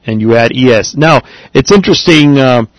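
A man from America, teaching a class, talking haltingly with many fillers and repeats. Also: mid-range voice, expressive, no room sound, low-quality recording. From Latin America. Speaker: Spanish teacher. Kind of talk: classroom language lesson.

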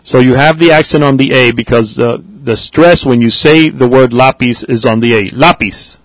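A man gives a Spanish grammar lesson, patient and deliberate, spelling words out and then repeating them. His pitch is medium. There's no echo, though the recording is rough.

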